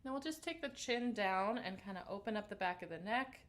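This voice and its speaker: A woman singing teacher leading a guided vocal warm-up on a livestream, relaxed and encouraging as she greets viewers by name. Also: mid-range voice, a little fast.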